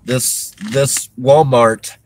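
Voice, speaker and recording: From a parked vehicle in a store parking lot, a man speaks emotionally to his livestream viewers, halting and strained, sighing and restarting sentences. His mid-range voice is steady and a little mellow, and the recording carries a faint hiss or hum.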